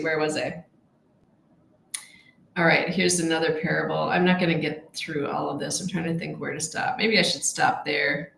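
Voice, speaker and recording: Low gravelly-voiced woman leading Bible study. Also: steady tone, a bit bright, roomy sound, slight background noise, low-quality recording. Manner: heartfelt, halting, with many fillers and restarts. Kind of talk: casual livestreamed Bible study.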